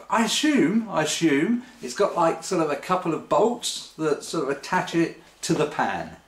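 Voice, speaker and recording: A man rambling wryly to camera in his kitchen, hesitant and full of ums and restarts. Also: on the high side. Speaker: vlogger. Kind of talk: casual rambling monologue. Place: home kitchen. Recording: roomy kitchen echo.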